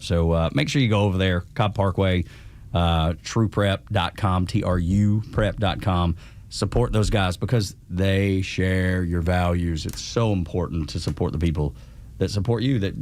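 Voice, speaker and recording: A man's voice: sits low, darkish tone. A man co-hosting a morning radio show, speaking in an earnest, folksy way in casual banter and a sponsor plug. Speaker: radio co-host. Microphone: studio mic.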